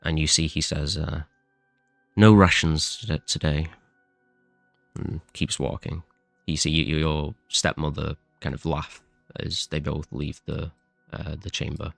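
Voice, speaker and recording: A man narrating as game master in an unhurried way. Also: very deep voice, monotone, vocal fry, a bit bright, no room sound, soft background music. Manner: unhurried, with fillers.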